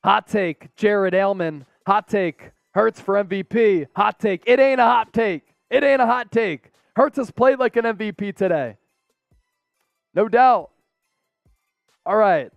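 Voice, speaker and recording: A man hosting a rowdy live-stream watch party, calling plays in an excitable, laughing, casual manner. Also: high-pitched, no room sound. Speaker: host.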